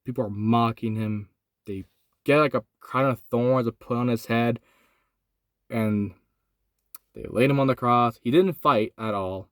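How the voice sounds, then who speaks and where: A young man recording in his van, casually retelling a Bible story, swinging from excited to hushed and solemn. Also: mid-range voice, a little slow, pauses often, no echo, studio quality. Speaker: host. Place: inside a van.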